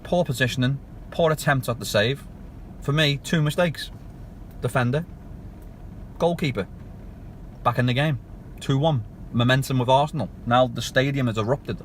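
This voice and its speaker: A man's voice: medium pitch, normal speed, pauses often, a little hiss or hum. A man giving a passionate, ranting fan review of a match in clipped, punchy phrases. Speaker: football fan channel host.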